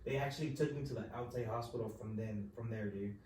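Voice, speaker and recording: A man's voice: lowish voice, fast talker, a crowd in the background. Man telling a story in an echoey room. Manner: relaxed, profane, says "dude" constantly. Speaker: podcast host telling a story. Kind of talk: casual chat. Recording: echoey room, distant mic, faint noise.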